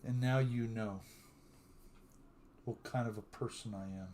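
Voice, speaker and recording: A man's voice: fairly low pitch, fairly even intonation, darkish tone, a little hiss or hum. An older man hosting a live stream, telling stories in a casual, drawling way and greeting viewers by name. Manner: chatty storyteller who greets viewers by name; drawling, unhurried talk.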